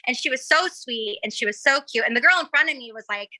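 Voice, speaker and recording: A young woman with a high, very bright voice chats as a podcast guest. She is bubbly and giggly and acts out the lines of people in her stories. The sound is close and dry. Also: expressive, fast, dry recording, rough recording. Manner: bubbly, giggly storyteller acting out quotes. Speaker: cosplayer guest. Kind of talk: casual podcast chat.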